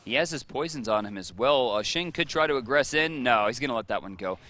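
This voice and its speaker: A man casting a live esports match, giving quick play-by-play and analysis that gets excited on big plays. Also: medium pitch, slight background noise. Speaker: esports caster.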